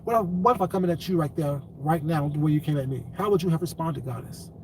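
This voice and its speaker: On a live stream, a man gives his chat a long, blunt lecture that slides into angry cursing. He talks fast in a slightly high voice, sitting a bit back from the mic with faint room noise in the background.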